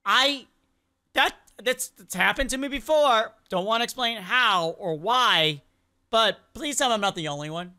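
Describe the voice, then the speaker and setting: A woman's voice: on the high side, normal speed. A young woman hosting a reaction video, chatting casually and exclaiming at funny clips. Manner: animated, exclaiming and questioning clips.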